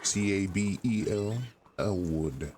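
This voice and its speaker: A man's voice: low voice, slow, a little mellow, slight background noise. A man playing a doctor in a game roleplay, chatting in an easygoing way. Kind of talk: in-character roleplay chat.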